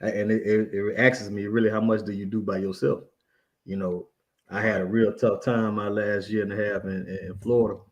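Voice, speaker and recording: A man's voice: on the low side, little pitch movement, a little fast, lo-fi sound. A man co-hosting a casual talk, reflecting on his own story with slang and frequent "you know what I'm saying". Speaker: co-host.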